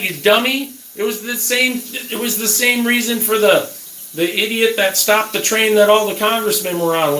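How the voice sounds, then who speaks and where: A man's voice: high-pitched, a bit bright. A middle-aged man ranting crudely and angrily at his viewers in a casual talk. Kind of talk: casual rant. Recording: roomy echo, faint background noise.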